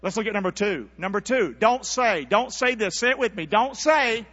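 A preacher with a high, animated, bright voice drives his sermon with call-and-response. The sound is dull and carries a long church reverb. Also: moderate pace. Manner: call-and-response preaching, shifts from near-whisper to shouting. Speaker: pastor. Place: church sanctuary.

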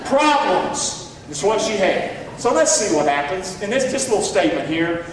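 A man preaching a sermon as pastor, animated, quoting scripture in dramatic voices and joking with the congregation. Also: high voice, moderate pace, hardly any pauses, a little hiss or hum. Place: church sanctuary. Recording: echoey hall, mic at a distance.

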